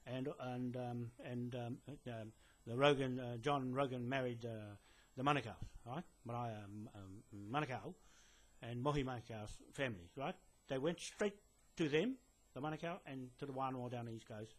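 The speaker is a land claimant addressing a police detective on camera from inside a building. He has a medium-pitched voice at normal speed. His talk is rambling and filler-heavy with frequent restarts, and he sounds insistent and lecturing.

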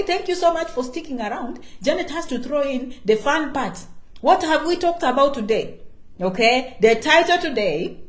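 Woman vlogger, foreign-accented English, high voice, emphatic and repetitive, roomy echo. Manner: emphatic, repeats key words, refers to herself by name. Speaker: vlogger giving immigration advice. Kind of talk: casual direct-to-camera talk.

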